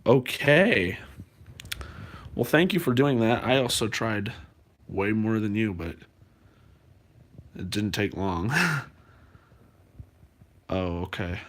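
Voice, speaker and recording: A man's voice: on the low side, takes it slowly, long pauses, a bit bright. A man live-streaming from home, chatting loosely with his viewers and rambling through fillers and restarts. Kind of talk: casual live-stream chat.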